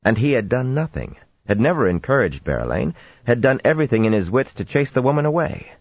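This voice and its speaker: A man narrating a fantasy audiobook in a steady storytelling voice with expressive swings, on a dull lo-fi recording. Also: mid-range voice, a little fast, slightly rough, dry recording.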